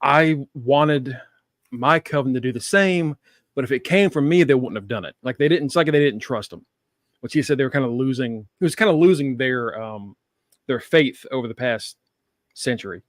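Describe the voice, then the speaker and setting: A man's voice: mid-range voice, animated, normal speed, no room sound, studio quality. Laughing man in casual chat. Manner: swears and laughs often. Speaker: podcast host.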